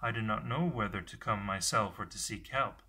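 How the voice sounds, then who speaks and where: A man's voice: fairly low pitch, slightly rough, heavily acted. A man voicing a breathless, eager teenage girl. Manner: breathless, hurried with excitement.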